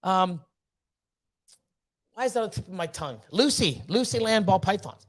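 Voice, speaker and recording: A snake breeder hosts a livestream, ranting bluntly with heavy swearing and fired-up motivational talk. His high voice is animated, his pace moderate, and he leaves long pauses.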